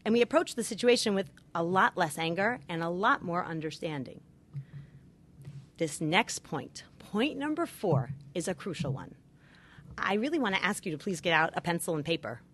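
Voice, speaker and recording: A woman's voice: lowish voice, very animated, normal speed, a bit bright. A middle-aged woman, a marriage therapist, giving earnest, emphatic advice point by point. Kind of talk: advice talk with numbered points.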